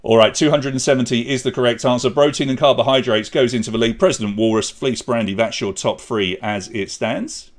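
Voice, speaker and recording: A man's voice: mid-range voice, fairly quick, few pauses. Chatty man hosting a quiz. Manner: chatty, jokey, reads out scores. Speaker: quiz host. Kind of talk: live online pub quiz hosting.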